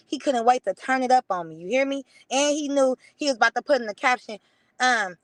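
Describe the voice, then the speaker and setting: A young woman appears as a livestream guest, her high voice captured dry. Casual and profane, she relays a story by acting out what everyone said.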